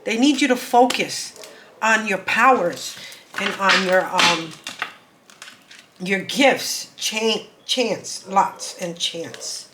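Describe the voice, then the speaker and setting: A woman's voice: mid-range voice, extremely slow, background noise. Earnest woman reading cards aloud. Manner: earnest, repeats words, emphatic urging. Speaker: spiritual card reader. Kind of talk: intuitive card reading for viewers.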